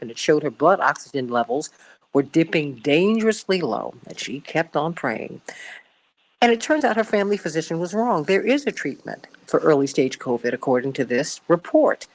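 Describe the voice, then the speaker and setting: A woman's voice: deep voice, poor audio. A woman hosting a radio talk show, chatting animatedly, laughing often and mimicking voices when she quotes people. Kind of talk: casual talk radio chat.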